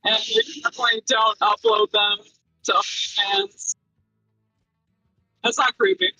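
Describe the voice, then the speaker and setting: Brief: young woman, very bright and lively, rambles with fillers, dry sound, faint music behind. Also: a little high, measured pace, slightly rough, no echo, rough recording. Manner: rambling, filler-heavy, giggly. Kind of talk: casual podcast chat.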